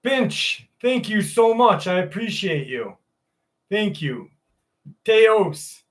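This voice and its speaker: A man's voice: high voice, big pitch swings, slow. A man hosting a live stream, chatting casually with viewers by name, swearing freely, and reading out a story.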